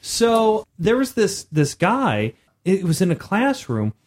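Thirties man for podcast chat; lively storyteller, a bit high-pitched, acts out the voices. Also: takes it slowly. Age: 30s. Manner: animated, acts out voices in his stories. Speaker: podcast co-host.

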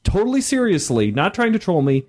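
A man with a high voice that leaps all over the place rants through a casual panel chat, exasperated and insistent. He co-hosts the talk and builds each point with mounting indignation. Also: big pitch swings, a little fast, darkish tone. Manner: ranting, exasperated.

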